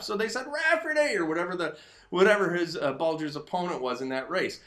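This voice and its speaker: A man's voice: sits high, lively intonation, brisk. Emphatic man in a roomy, echoing space. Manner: emphatic, sometimes shouting. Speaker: host. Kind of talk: political commentary monologue. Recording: roomy echo.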